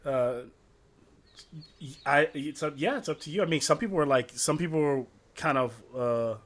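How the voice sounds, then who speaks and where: A man's voice: on the high side, moderate pace, fairly bright tone, slight background noise. A man narrating as game master of a tabletop game, rambling with lots of fillers.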